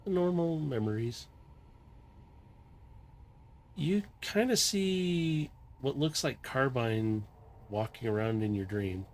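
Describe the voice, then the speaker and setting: A man running a tabletop game as game master, narrating a dream scene in a calm, meandering, descriptive way. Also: medium pitch, slow pace, long pauses.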